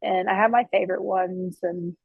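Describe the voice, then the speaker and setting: A woman's voice: fairly low pitch, fairly even intonation, normal speed, creaky, husky, dry recording, phone-quality sound. Chatty woman chef with a dry close sound. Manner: chatty, with frequent restarts and fillers; swears casually. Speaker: barbecue restaurant owner and chef. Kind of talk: casual interview storytelling. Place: her restaurant.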